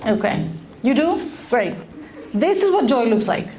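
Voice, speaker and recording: A middle-aged woman giving a lively talk to college students, often putting questions to the audience. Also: fairly high pitch, unhurried. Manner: animated, asks the audience questions. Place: lecture room.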